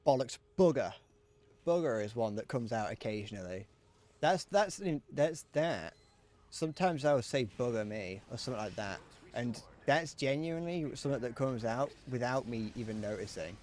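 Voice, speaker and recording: A man's voice: mid-range voice, animated, normal speed, a little mellow. A British man chatting casually on a gaming livestream, swearing freely and laughing often. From Britain. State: sweaty while gaming. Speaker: streamer.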